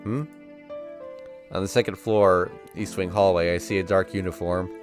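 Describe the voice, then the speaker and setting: A man's voice: low-pitched, steady tone, moderate pace, faint music behind. A man reading a visual novel aloud on stream, narrating casually in the first person. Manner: casual first-person narration that voices sound effects playfully.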